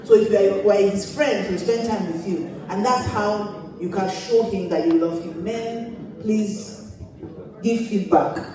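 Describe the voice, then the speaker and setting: Woman pastor, comic storytelling, giggly and animated, boomy hall, mic set back, congregation laughing along. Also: a little slow, crowd noise. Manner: animated, laughs often mid-sentence. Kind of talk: humorous storytelling to a church audience. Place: church auditorium. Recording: echoey church hall, distant mic. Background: audience laughter.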